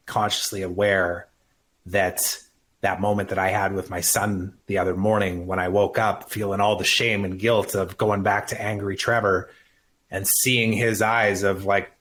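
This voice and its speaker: Earnest low-voiced man, emphatic. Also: a bit bright, slight background noise. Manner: earnest, emphatic, swears casually. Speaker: podcast guest. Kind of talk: emotional personal conversation.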